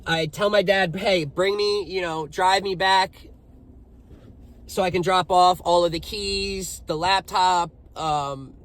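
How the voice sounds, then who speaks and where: A man's voice: high voice, slow pace. A young man casually telling his own story, swearing often and speaking with heavy emphasis. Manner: profane, emphatic, animated retelling.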